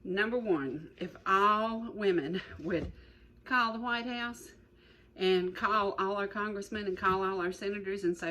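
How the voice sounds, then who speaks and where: A woman's voice: mid-range voice, a little slow, pushed and bright, a little hiss or hum, low-quality recording. A middle-aged woman hosting a cooking show, chatty and rambling, repeating her words as she demonstrates. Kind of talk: folksy cooking demonstration chat.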